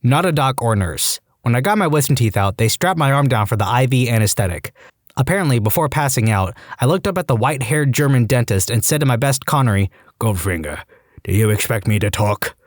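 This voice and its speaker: A man reading Reddit stories aloud as a podcast narrator, animated and quick to jump into acted quotes. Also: medium pitch, no room sound, clean studio sound.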